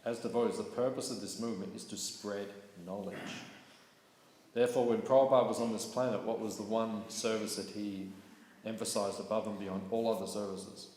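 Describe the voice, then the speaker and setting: A man teaching a scripture class in a relaxed, conversational way, often checking in with his listeners. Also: lowish voice, brisk. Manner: conversational, keeps asking "right?". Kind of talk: casual scripture class talk. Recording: echoey hall with faint noise.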